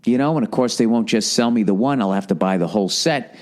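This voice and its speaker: A man's voice: fairly low pitch, fast talker, darkish tone. A man with a Boston accent hosting a podcast, ranting sarcastically in a casual comic way and swearing often. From United States. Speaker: podcast host. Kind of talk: casual comedic rant.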